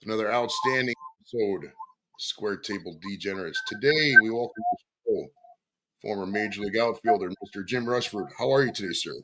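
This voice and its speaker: Man hosting a live stream, bright voice, casual, swears, fiddles with his mic. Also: fairly low pitch, animated, fairly quick, slight background noise, rough recording. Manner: casual, profane, flustered by audio trouble. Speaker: podcast host. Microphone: streaming setup with computer mic.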